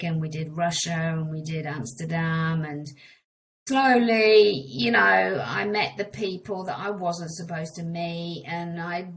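A woman's voice: fairly low pitch, low-quality recording. A middle-aged woman tells her life story in a frank, meandering way, often restarting her sentences. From England. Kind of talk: candid personal storytelling.

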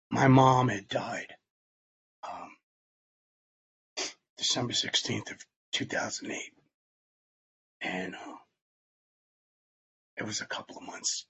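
A man telling a personal story in plain, halting words, sometimes dropping almost to a whisper. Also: medium pitch, a bit bright, dull audio, a little hiss or hum. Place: Long Island, New York.

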